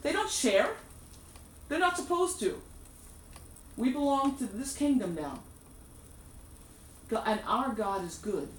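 A woman's voice: a little high, big pitch swings, slow, pauses often. Woman preacher, emphatic and repetitive, roomy echo, mic set back from her. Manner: emphatic, repeats key phrases. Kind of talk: sermon. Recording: echoey room, distant mic, faint background noise.

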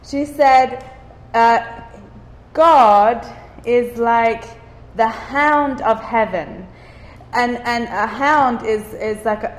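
In a roomy hall with long reverb, a woman from Cyprus gives an informal devotional talk to a small group, her voice on the high side. She keeps listeners engaged by asking questions and repeats words for emphasis.

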